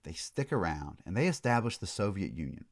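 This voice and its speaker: A man's voice: sits low, big pitch swings, brisk. A man giving a recorded college history lecture, telling it as a story with casual asides and frequent restarts.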